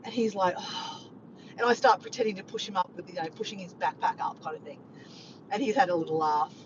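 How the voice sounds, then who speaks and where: Road noise is clear and the sound muffled as a woman vlogs from behind the wheel. Her fairly low voice moves fast as she rambles casually and upbeat to the camera.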